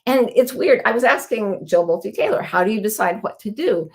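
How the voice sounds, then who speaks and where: A woman's voice: mid-range voice, lively intonation, moderate pace. Earnest woman host talking casually. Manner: warm, earnest, storytelling with quoted voices. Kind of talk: casual live-stream talk.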